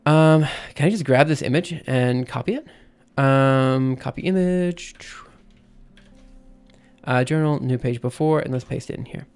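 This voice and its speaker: Casual male streamer, mid pitch, halting teacher talk, faint background music. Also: darkish tone, clear, resonant tone. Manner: thinking aloud, many fillers and restarts. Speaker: streamer teaching poetry meter. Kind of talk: casual live-stream explanation.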